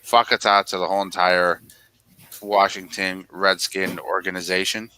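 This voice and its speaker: A man's voice: low voice, level tone, measured pace, bright, forceful tone, smooth, no echo, poor audio. A man co-hosting a casual sports podcast, ranting in mock anger about football teams. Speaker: podcast co-host.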